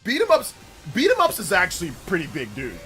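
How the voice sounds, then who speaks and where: A man's voice: high-pitched, huge pitch swings, fairly quick, bright, forceful tone, faint music behind. A man from California hosting a casual live stream, chatting with viewers in an upbeat, elevated presentation voice and laughing often. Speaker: streamer hosting a live gaming news show.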